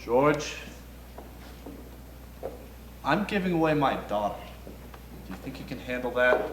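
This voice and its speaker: A young man in a school play, acting a gentle father who calms his daughter on her wedding day. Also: mid-range voice, moderate pace, close to an everyday voice. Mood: soothing. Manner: hushing, soothing stage delivery. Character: gentle, soothing father of the bride. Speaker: student actor in a school play. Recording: distant stage voice, echoey hall, noisy.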